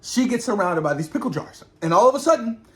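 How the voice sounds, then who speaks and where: A man recapping a horror episode in an animated, slangy way, often repeating words for emphasis. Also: sits high, fast talker. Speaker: show reviewer. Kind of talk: reaction recap.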